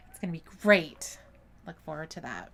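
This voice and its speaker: A woman's voice: deep voice, gravelly, a bit bright, slight background noise. A woman co-hosting a live podcast stream, chatting casually and laughing often in a teasing way. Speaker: podcast co-host.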